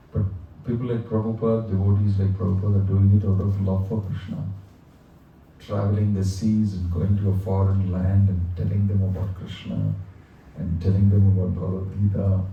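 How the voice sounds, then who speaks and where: A man giving a devotional lecture, telling stories slowly and with emphasis. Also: fairly low pitch, lo-fi sound, a little hiss or hum. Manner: slow, emphatic storytelling with quoted dialogue. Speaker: spiritual teacher. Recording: echoey hall, distant mic, faint ambience.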